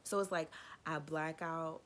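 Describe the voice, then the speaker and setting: A woman vlogger telling a funny personal story in casual, animated slang, swearing freely and acting out what people said. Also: low-pitched, unhurried, a little hiss or hum.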